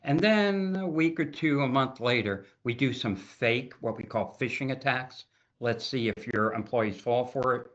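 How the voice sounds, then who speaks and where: A man speaking as a cybersecurity consultant guest in a casual interview, talking in an animated, emphatic way and often repeating words. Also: medium pitch, a little slow. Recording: dull lo-fi audio.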